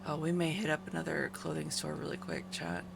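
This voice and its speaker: A sleepy woman streamer chats casually with her viewers in a gravelly, cracking morning voice. She is chatty and pokes fun at herself. A noisy background runs under her voice. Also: deep voice, fairly quick. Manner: chatty, self-deprecating. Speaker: live streamer.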